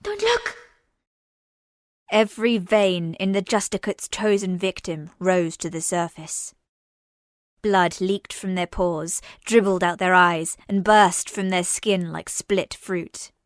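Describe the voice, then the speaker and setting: Slow, measured woman narrator. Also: fairly low pitch, fairly even intonation, no room sound, studio quality. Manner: measured, unhurried storytelling. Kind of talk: scripted audio-drama narration.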